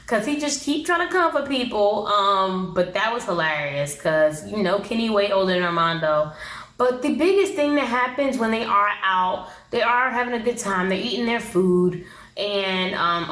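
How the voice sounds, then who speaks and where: Recorded with a roomy echo, a woman reviews a TV episode in a blunt, slangy, casual recap, acting out the people she quotes. Her voice sits in the mid-range and is a bit bright.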